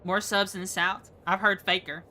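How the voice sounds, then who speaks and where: A woman's voice: medium pitch, flat delivery, moderate pace, pushed and bright. A young woman streaming a game, chatting casually and rambling from topic to topic, laughing often. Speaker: VTuber streamer. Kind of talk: casual live-stream chat.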